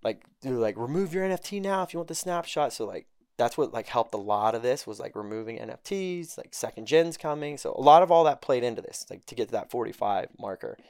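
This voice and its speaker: A young podcast guest with a medium-pitched voice tells a story fairly quickly, barely pausing. He swears a lot and animatedly acts out the voices of the people he quotes, recorded in studio quality with no echo.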